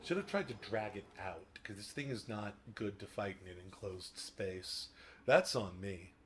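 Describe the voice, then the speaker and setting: Animated, foul-mouthed male game streamer. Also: on the low side, unhurried, a little hiss or hum. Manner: joking, swears a lot, sudden loud outbursts. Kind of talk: gameplay commentary. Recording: game music behind the voice.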